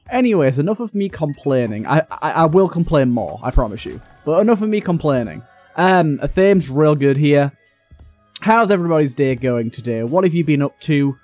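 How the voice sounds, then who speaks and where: A lively man from the UK, fairly high-pitched for a man, talking over his game in a chatty let's-play style. He grumbles and swears freely, his voice jumping around a lot. Faint game music plays behind him. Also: moderate pace. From United Kingdom. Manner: animated, complaining, sweary. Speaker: gaming YouTuber. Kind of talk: casual let's-play commentary.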